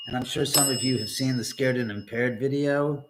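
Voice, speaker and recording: An older man hosting a casual livestream from his house. He rambles while reading chat, swears often and breaks into sudden loud outbursts. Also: medium pitch, quick pace, hardly any pauses. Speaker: livestream host. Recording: loud background noise.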